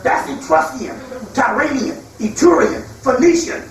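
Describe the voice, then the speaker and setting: A man in a rambling spoken lecture with a fairly high voice, heard from a distance. He talks emphatically and profanely, slipping into mocking asides. The room is strongly echoey, with a faint hum behind him. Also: lively intonation, a little slow. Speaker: spiritual lecturer. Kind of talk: freewheeling lecture. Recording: echoey hall, far from mic.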